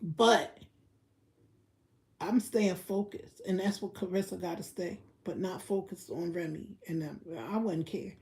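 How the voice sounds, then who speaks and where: A young woman giving blunt, profane gossip commentary on a live stream, repeating her points and breaking into loud laughter. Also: on the low side, a little slow. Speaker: livestreamer.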